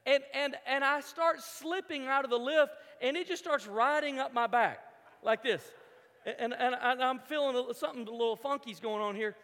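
A man with a strikingly high voice tells a comic story from a stage, animated and lively. He keeps restarting his sentences and acts out what he was thinking. His voice rings out with a long reverb, as in a big hall. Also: normal speed. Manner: animated, repeats words as he restarts, acts out his own thoughts. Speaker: speaker telling a story to an audience. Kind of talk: humorous personal story told from a stage.

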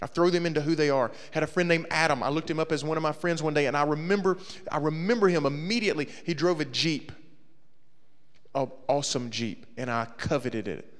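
A man telling a comedic story to a young audience, acting out his friends' voices and shouting the punchlines. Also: a little high, fairly quick, big-room sound.

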